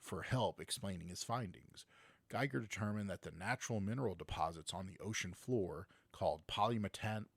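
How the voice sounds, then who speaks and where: This low, gravelly, husky male voice belongs to a slightly tipsy podcast co-host who reads a science news article aloud at normal speed. He keeps a steady delivery while cracking jokes and making asides in a casual way. There's no echo.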